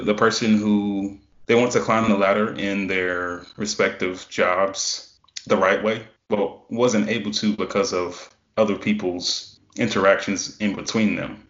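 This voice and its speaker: A man co-hosting a casual podcast chat about a TV series, often stumbling and restarting his sentences. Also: fairly low pitch. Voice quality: hesitant, stammering restarts. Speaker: podcast co-host. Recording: roomy, dull lo-fi sound.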